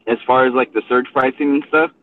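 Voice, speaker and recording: A man's voice: medium pitch, steady tone, fast, slight background noise. A man hosting a casual chat from his car between rideshare pickups, laid-back and rambling, saying dude a lot. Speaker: host and rideshare driver. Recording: tinny phone-line audio.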